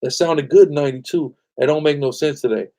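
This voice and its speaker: A man leads a live scripture study on a stream, speaking with a somewhat high pitch. He preaches emphatically and keeps checking in with his listeners with a questioning "right?". Now and then he cuts in to tell the reader to go ahead. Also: fast talker, mellow. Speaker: host leading a scripture study. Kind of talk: live-stream bible teaching.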